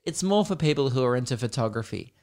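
A man voicing a polite young female phone store clerk who answers quietly and carefully without committing to anything. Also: medium pitch, expressive, fast, close to an everyday voice. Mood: cautious.

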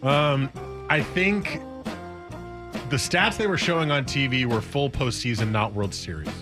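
A man's voice: medium pitch, unhurried, over music. A man hosting sports radio, joking and teasing in casual banter.

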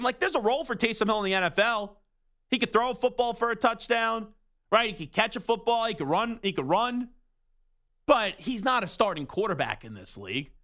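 A man's voice: high voice, pushed and bright. A young man hosting sports radio, ranting with emphatic rhetorical questions. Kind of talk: opinionated sports talk monologue.

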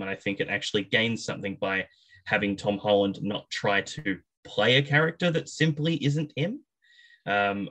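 A man's voice: on the low side, low-quality recording. A man co-hosting a gaming show, chatting casually about a film with many fillers. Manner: relaxed, rambling with fillers. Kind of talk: casual review chat.

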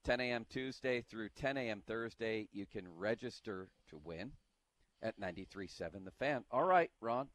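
A man hosting a sports talk radio show, with upbeat, animated reads into a studio microphone. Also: medium pitch, no echo.

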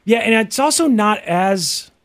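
Co-hosting a casual chat, a man with a General American Midwest accent muses aloud, using lots of fillers and restarts. His voice is high-pitched, animated, and fairly bright, and he doesn't hurry.

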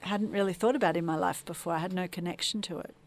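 Woman, podcast guest, low voice, earnest and reflective. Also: fast. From Tasmania, Australia. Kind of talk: personal storytelling in an interview.

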